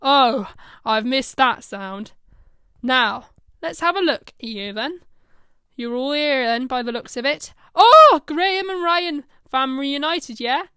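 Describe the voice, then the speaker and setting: A woman's voice: high voice, lively intonation, takes it slowly, bright, forceful tone, clear, resonant tone, no room sound, studio quality, heavily acted. Woman doing a chatty Northern English heroine. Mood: cheerful. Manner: chatty and upbeat. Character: cheerful time-travelling heroine.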